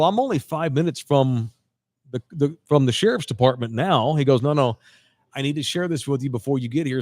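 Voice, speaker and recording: With a medium-pitched voice and no echo, a man hosting a podcast spins a long, casual story. He plays both people in the exchange, quoting them with animation and frequently starting over.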